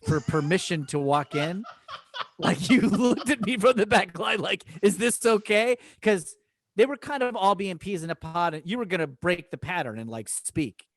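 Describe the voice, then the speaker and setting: A man, an improv teacher guesting on a podcast, telling animated stories in casual chat and laughing often. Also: high voice, normal speed, dry recording, clean studio sound.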